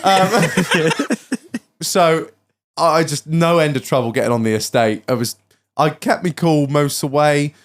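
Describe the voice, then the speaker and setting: A man telling a long, swearing-laden story on a podcast, jumping into high voices for the people he quotes. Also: normal speed. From England. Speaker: podcast co-host. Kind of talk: casual storytelling chat.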